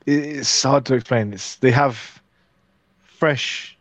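A man from the United Kingdom talks in casual chat, blunt and teasing. His voice sits at a middling pitch. It is recorded dry, with no room sound around it. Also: slow pace, dry recording.

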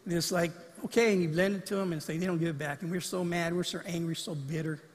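A man's voice: on the high side, fairly even intonation, fast talker, breathy edge. A man pastor giving a conversational sermon in a church sanctuary and acting out short quotes as he goes. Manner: conversational preaching that acts out quotes. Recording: long reverb of a large hall.

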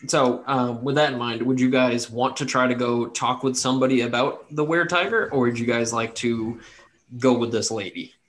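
A man narrating a tabletop game as game master, relaxed and joking. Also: mid-range voice, moderate pace.

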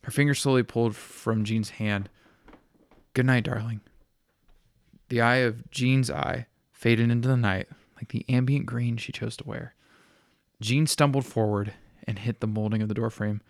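A man reading a story aloud in a steady, plain narrating style. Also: mid-range voice, moderate pace, vocal fry, dry recording.

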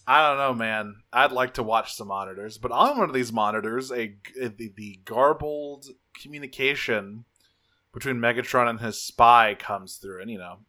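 A man with a bright, forceful voice co-hosts a casual podcast. He recaps a cartoon episode, swears often and jumps into quick impressions of the characters. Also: medium pitch. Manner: profane, animated, acts out characters' lines. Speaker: podcast co-host.

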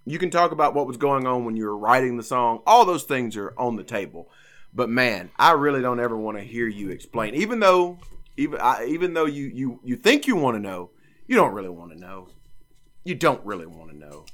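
A man's voice: medium pitch, fairly quick. A man co-hosting a podcast, chatting casually and joking. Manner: animated, joking. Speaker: podcast co-host. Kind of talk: casual chat.

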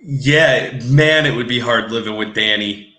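A man's voice: mid-range voice, measured pace, noisy background. A man co-hosting a podcast, chatting casually and opinionatedly about a reality show and mocking quotes in a put-on voice. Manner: animated, opinionated, mocks quotes. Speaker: podcast co-host. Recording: echoey room.

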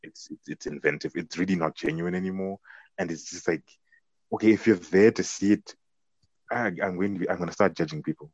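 A man's voice: low-pitched, steady tone, fairly quick, dry recording. A young man co-hosting a podcast, opinionated and stumbling over repeated words in casual chat. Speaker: podcast co-host. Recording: dry, slightly muffled podcast audio.

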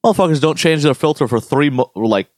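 A man's voice: on the high side, fast, dry recording, studio quality. A man co-hosting a casual chat, ranting with lots of swearing. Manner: profane, ranting, animated storytelling.

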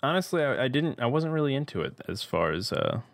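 Male co-host, gravelly texture, animated and easygoing, casual banter. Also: mid-range voice, brisk. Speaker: podcast co-host. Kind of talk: casual chat.

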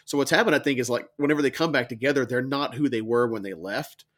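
A man's voice: mid-range voice, fast talker, a bit bright. A man co-hosting a podcast, musing aloud about a book in casual chat and hedging his points as he goes. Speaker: podcast co-host.

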